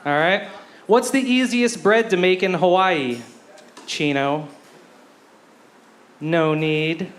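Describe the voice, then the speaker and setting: Slow, high-voiced stand-up comic. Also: male voice. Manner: deadpan, self-deprecating one-liners. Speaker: stand-up comedian. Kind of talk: stand-up comedy set. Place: comedy club stage.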